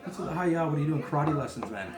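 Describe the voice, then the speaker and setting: Chatty dad cooking at home, roomy sound. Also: male voice, a little high, lively intonation, racing, over loud music. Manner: chatty, joking asides, gently scolding a child. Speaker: home cooking show host. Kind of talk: casual home cooking demonstration. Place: home kitchen.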